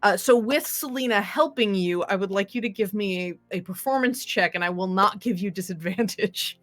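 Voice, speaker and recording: A woman's voice: medium pitch, moderate pace. Rambling woman game master. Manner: rambling, many fillers and restarts. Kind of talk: narrating a tabletop game.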